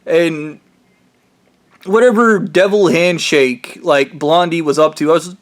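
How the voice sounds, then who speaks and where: Guy ranting angry and rambling, cursing nonstop, kinda high voice. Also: measured pace. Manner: rambling, heated, swears constantly. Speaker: vlogger. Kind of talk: profane angry rant.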